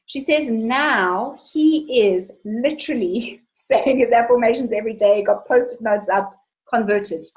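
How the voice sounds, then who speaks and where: Chatty, upbeat woman coach, higher voice. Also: darkish tone, poor audio. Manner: enthusiastic, chatty, storytelling. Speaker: money coach hosting a webinar. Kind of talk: live webinar Q&A, reading out viewer questions.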